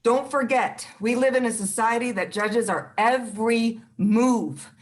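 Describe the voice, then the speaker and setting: A woman with a somewhat high voice performs a spoken word poem at an open mic. She delivers short phrases one after another in a steady, rhythmic way. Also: a little slow.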